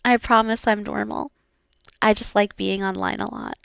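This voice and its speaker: A woman's voice: mid-range voice, level tone, moderate pace, creaky, fairly bright tone, clear, resonant tone, no echo. A woman VTuber practicing her language lessons aloud in a casual, rambling way, often giggling and using many fillers.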